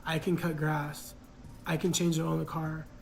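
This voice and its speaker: A man's voice: fairly high pitch, flat delivery, moderate pace, creaky, faint music behind, rough recording. A man casually telling a personal story in a reflective, hesitant way, full of fillers.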